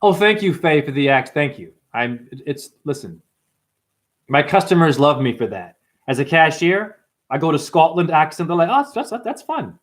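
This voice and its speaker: A man with a fairly high, expressive voice hosts a rambling livestream, talking brashly to his chat. He swears, calls viewers "honey" and "dumbass," and hops between topics in quick asides.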